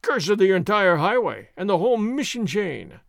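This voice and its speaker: A man's voice: big pitch swings, moderate pace, dry recording, clean studio sound. A man acting a roaring, boastful army sergeant. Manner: roaring, booming bluster. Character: blustering big male army sergeant, boastful and hot-tempered.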